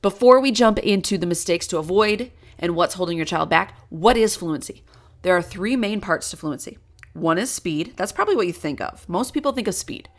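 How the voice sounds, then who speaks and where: An enthusiastic woman teaching parents, with a fairly low voice. She explains with everyday examples and a friendly, upbeat energy. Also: expressive, moderate pace.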